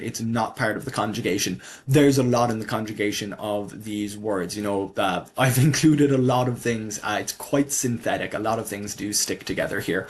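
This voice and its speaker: A man's voice: lowish voice, a little hiss or hum. A man explaining his invented language in a casual walkthrough of his screen, thinking aloud with fillers and self-corrections as he goes. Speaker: conlang creator presenting his language.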